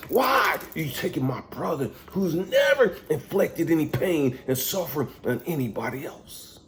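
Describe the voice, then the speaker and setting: A man giving an emotional spoken monologue as a life coach, heavily profane and intense, swinging from loud outbursts to near whispers. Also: a little high, big pitch swings, moderate pace, slight background noise.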